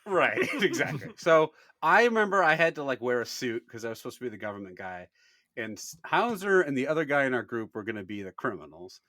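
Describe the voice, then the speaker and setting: A man's voice: medium pitch, big pitch swings, brisk, pushed and bright, dry recording. A young man co-hosting a podcast, telling a story in casual chat and laughing often. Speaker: podcast co-host.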